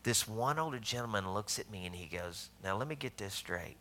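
A man with a Southern US accent preaching a sermon, telling stories with loud emphasis and hushed asides. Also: on the low side, animated, a little fast, a little hiss or hum. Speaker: pastor.

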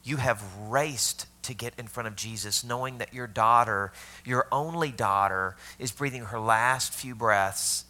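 A man's voice: mid-range voice, unhurried, few pauses, pushed and bright. A man preaching a sermon, telling the story conversationally, asking his listeners questions and dropping to a whisper for tender moments. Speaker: pastor.

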